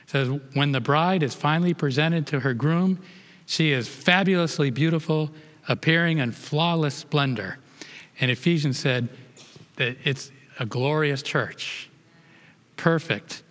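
A man's voice: mid-range voice, a little slow, a bit bright, long reverb tail. A man leading a Bible study lesson, reading verses aloud and explaining them to a group, often rereading and restarting phrases.

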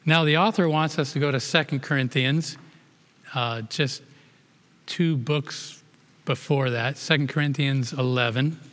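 A man's voice: medium pitch, unhurried, a bit bright, big-room sound. A man leading a Bible study lesson, reading verses aloud and explaining them to a group, often rereading and restarting phrases.

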